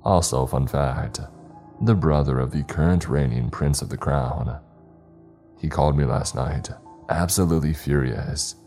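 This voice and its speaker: Male horror-story narrator, very low and warm, wry casual delivery. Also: measured pace, faint music behind.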